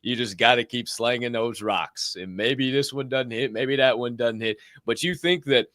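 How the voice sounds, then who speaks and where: A man co-hosting a casual motivational podcast, animated and profane, often laughing as he talks. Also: mid-range voice, moderate pace, no room sound, clean studio sound. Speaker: podcast co-host.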